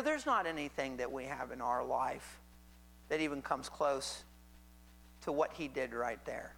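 Male preacher, high voice, reading scripture and commenting; emphatic, repetitive. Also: creaky, fairly bright tone, rough recording. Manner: emphatic, repeats phrases, asks the listener to imagine.

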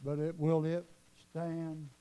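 A man's voice: a little high, monotone, slow, warm tone, smooth. A man preaching a revival sermon, telling a story fervently and repeating himself as his voice surges up. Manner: fervent, repetitive storytelling with sudden rises.

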